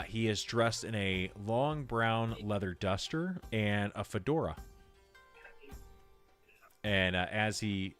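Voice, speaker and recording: A man narrating as game master in a tabletop game, rambling with frequent pauses. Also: lowish voice, fairly bright tone. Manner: rambling, full of filler and restarts.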